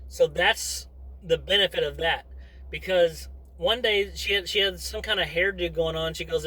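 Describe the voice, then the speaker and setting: A man's voice: fairly high pitch, moderate pace, pushed and bright, poor audio. A middle-aged man chatting to camera as a vlogger in a rambling, wandering way, breaking off into asides. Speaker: vlogger and father. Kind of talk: casual rambling monologue to camera.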